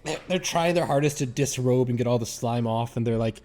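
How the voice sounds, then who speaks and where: A man narrating as game master of a tabletop game, rambling and animated. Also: mid-range voice, a little fast, slight background noise.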